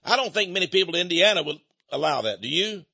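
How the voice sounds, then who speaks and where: Older man, high bright voice, folksy rambling monologue, dull lo-fi recording. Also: expressive, fast, gravelly, no room sound. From United States. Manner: folksy, rambling, chuckles between points. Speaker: speaker. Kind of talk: opinionated monologue.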